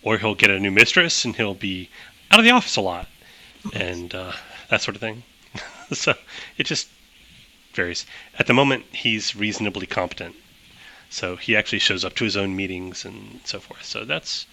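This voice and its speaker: Bright-voiced man running a tabletop game. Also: lowish voice, lively intonation, moderate pace, creaky, low-quality recording. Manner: chatty, laughs often, many fillers. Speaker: game master.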